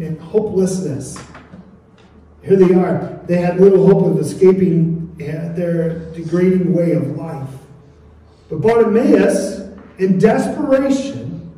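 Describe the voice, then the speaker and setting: A man's voice: a little high, warm tone, a little hiss or hum. A man preaching a sermon as pastor, earnest and calling on his congregation to respond. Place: church sanctuary. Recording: echoey church from far off.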